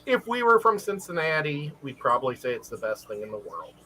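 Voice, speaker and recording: High, bright, lively man telling stories. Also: brisk, low-quality recording. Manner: animated storyteller who laughs often. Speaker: livestream co-host. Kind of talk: casual live-stream chat.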